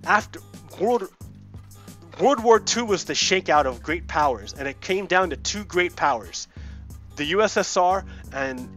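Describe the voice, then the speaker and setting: A man's voice: high voice, expressive, measured pace, fairly bright tone, faint music behind. A man hosting a gaming video, ranting heatedly about politics with lots of swearing and repetition. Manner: heated, profane, repeats himself. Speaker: let's play host. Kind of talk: casual political rant while gaming.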